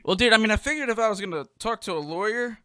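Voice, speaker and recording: A young male podcast host talks quickly in a high-pitched voice over heavy background noise. His casual comedic monologue is profane, rambling, and self-deprecating.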